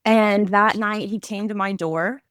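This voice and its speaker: A woman's voice: medium pitch, steady tone, a little slow, a bit bright, dry recording, studio quality. A woman in her thirties, a podcast guest, telling a personal story candidly and vividly, with lots of "like" fillers. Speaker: guest, psychic medium and artist.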